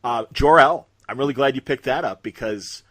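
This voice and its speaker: A man's voice: mid-range voice, normal speed, fairly bright tone, no room sound. A man hosting a podcast in casual chat, laughing often and giving short agreeing replies. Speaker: podcast host. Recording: dry close sound.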